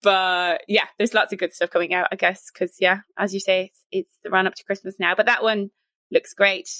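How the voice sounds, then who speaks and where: A woman co-hosting a casual podcast about cookbooks, chatty and quick to laugh. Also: mid-range voice, flat delivery, a bit bright, no echo. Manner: chatty, giggly. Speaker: podcast co-host.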